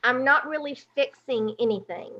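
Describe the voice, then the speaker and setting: A woman's voice: high-pitched, normal speed, dull audio. A woman from Alabama with a Southern accent, a guest in a casual chat, talking in a chatty way with fillers and restarts. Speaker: guest, content manager.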